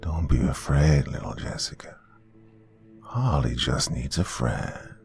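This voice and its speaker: A man voicing a childlike shadow demon who speaks in a slow, mocking, hissing whisper, in a horror story. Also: a bass voice, creaky, darkish tone, soft background music, heavily acted.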